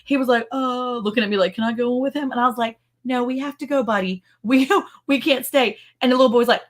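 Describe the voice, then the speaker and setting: A woman's voice: fast talker, hardly any pauses. A middle-aged woman with a Texan accent, co-hosting a casual livestream and telling a funny story. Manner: animated, acts out quotes in high voices. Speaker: livestream co-host.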